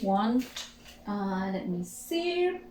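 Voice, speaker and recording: Slow, drilling woman English teacher. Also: medium pitch, big pitch swings, a little mellow, a little hiss or hum. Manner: drills sounds slowly and repeats words. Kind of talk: pronunciation lesson. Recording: echoey room, faint ambience.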